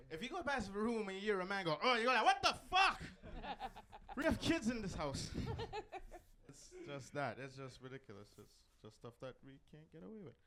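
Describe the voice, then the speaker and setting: A Jamaican stand-up comedian works a comedy club stage before an audience, speaking at a moderate pace in a high, somewhat bright voice with huge pitch swings. He rambles, filling the gaps between crude punchlines with lots of ums.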